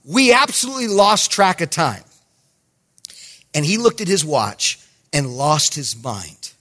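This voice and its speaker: High-voiced, animated male preacher. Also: unhurried. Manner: animated storytelling, acts out dialogue, emphatic. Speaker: pastor. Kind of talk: sermon.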